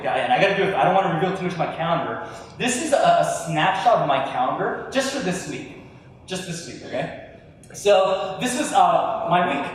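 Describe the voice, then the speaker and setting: A male pastor preaching a sermon to a live audience, animated and chatty, talking straight to the crowd. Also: high voice, a little hiss or hum. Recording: echoey hall from far off.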